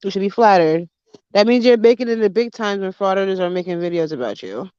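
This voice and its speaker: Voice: mid-range voice, fast talker, darkish tone, smooth, no room sound, highs cut off. A guest joining a casual live stream, teasing the host and laughing often. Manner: teasing, giggly, encouraging.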